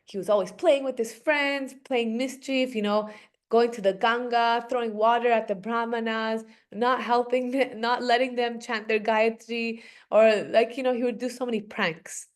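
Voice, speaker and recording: Animated woman telling stories to children. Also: a little high, normal speed. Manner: animated, conversational, frequent fillers. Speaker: devotional children's teacher. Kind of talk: storytelling to children.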